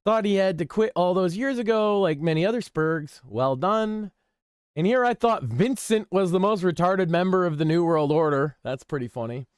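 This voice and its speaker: A man's voice: sits high, lively intonation, normal speed, smooth, dry recording, clean studio sound. A man hosting a casual commentary stream, reading forum posts with wry, offhand remarks. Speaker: stream host.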